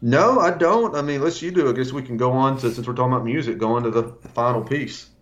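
A man's voice: mid-range voice, quick pace, lo-fi sound. A man co-hosting a casual music podcast, rambling with restarts as he recommends a band. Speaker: podcast co-host.

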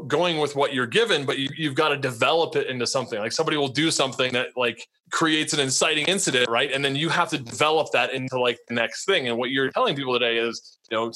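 A man's voice: medium pitch, sharp tone. A man hosting a podcast interview, talking in a loose, rambling way and often checking in with "right?". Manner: rambling, conversational, many tag questions. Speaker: podcast host. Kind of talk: casual interview chat.

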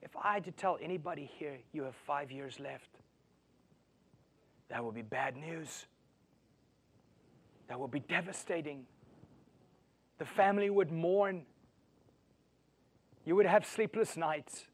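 A male preacher with a high voice delivers a sermon. He swings between booming emphasis and quiet, intimate storytelling. He keeps pressing his listeners with rhetorical questions. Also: unhurried, long pauses, husky. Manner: asks the audience rhetorical questions. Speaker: pastor.

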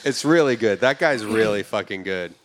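A man's voice: fairly low pitch, normal speed, a bit bright, slight background noise. A man hosting a podcast, telling rambling stories in casual chat and acting out the voices of the people in them. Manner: rambling storyteller who acts out quoted voices. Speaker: podcast host.

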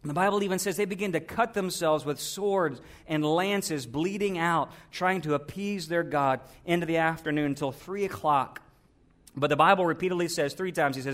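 A man's voice: a little high, normal speed, fairly bright tone. A man preaching a sermon as a pastor, earnest and building to emphatic peaks.

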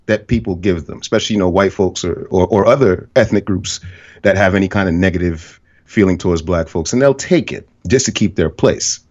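A man with a low-pitched voice holds forth as a podcast host. He talks bluntly and swears freely, and he gets fired up as he goes. The audio is muffled and lo-fi. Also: moderate pace. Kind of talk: casual podcast conversation.

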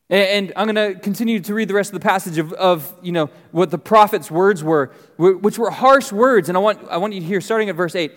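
A man's voice: high voice, a little fast, few pauses. Man preaching in a reverberant hall. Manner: conversational preaching, animated storytelling. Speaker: pastor. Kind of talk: sermon. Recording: long reverb of a large hall.

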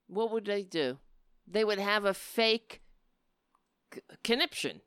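A woman's voice: mid-range voice, lively intonation, slow pace, a bit bright, clear, resonant tone, dry recording. A woman delivering a sarcastic, scornful political rant on a close mic, often slipping into mocking voices. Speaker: political commentator.

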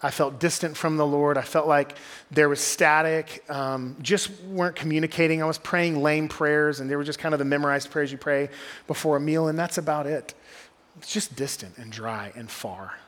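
Conversational pastor with a lilt. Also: male voice, a little high, fairly even intonation, normal speed. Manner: conversational storytelling, drops to quiet intensity. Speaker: groups pastor. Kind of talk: sermon.

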